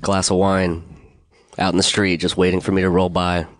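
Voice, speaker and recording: A man's voice: low-pitched, flat delivery, moderate pace, no room sound, studio quality. A man who produces and introduces a casual podcast, laughing often and teasing the hosts. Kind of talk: casual chat.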